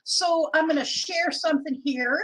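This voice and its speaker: High-voiced chatty woman livestreaming. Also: normal speed, a bit bright, rough recording. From Oregon. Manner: chatty, reads viewer comments aloud. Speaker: livestream host. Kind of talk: casual livestream chat.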